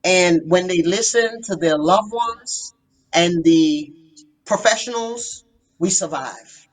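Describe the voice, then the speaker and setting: A woman's voice: fairly low pitch, takes it slowly, rough recording. A woman therapist telling her story as a podcast guest, earnest and emphatic. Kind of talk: podcast interview.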